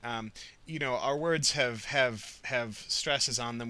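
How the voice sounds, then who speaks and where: A man's voice: medium pitch, fairly even intonation, measured pace, sharp tone, smooth. A man co-hosting a casual writing podcast, easygoing, with many fillers and repeated words. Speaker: podcast co-host.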